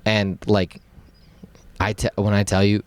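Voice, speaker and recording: A man co-hosting a podcast, telling a story in casual chat, animated and laughing often as he acts out quotes. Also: fairly low pitch, a little slow, clear, resonant tone. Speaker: podcast co-host.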